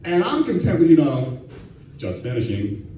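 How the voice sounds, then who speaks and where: A man's voice: medium pitch, very animated, normal speed, dark tone, a little hiss or hum. A man doing a crude stand-up comedy set, laughing at his own jokes, with a live audience laughing behind him. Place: distillery venue with live audience. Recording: distant, echoey, muffled venue recording.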